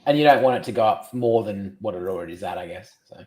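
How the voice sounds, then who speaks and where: A man with an Australian accent, a podcast guest in casual chat, chatty and quick to joke. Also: fairly low pitch, animated, a crowd in the background.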